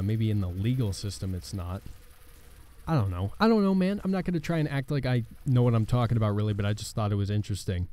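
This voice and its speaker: A man hosting a gaming channel, chatting casually and rambling with halting, sarcastic asides over gameplay. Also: on the low side, dark tone.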